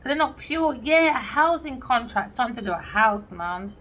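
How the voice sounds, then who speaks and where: Her voice on the high side and expressive, a tarot reader talks at normal speed through a casual reading. She's sarcastic and blunt, cursing freely and acting out imagined exchanges, recorded in slightly dull lo-fi sound with faint background noise.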